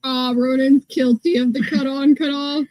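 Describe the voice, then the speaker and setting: A woman's voice: high-pitched, little pitch movement, normal speed, darkish tone, rough recording. A woman from the northern United States co-hosting a podcast, chatting casually and telling stories with quoted asides. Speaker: podcast co-host. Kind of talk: casual chat.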